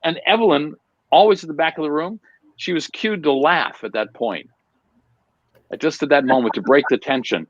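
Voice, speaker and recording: A man's voice: on the high side, normal speed, dry recording. Man on a dull, dry lo-fi line. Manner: descriptive, step-by-step retelling. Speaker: magician, conversation partner. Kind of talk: casual reminiscing chat.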